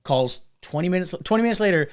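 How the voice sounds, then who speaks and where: A man's voice: high-pitched, fast. A man co-hosting a podcast, casually telling a bar story with lots of swearing and acted-out quotes. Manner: animated, profane, acts out quoted voices. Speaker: podcast co-host; bartender.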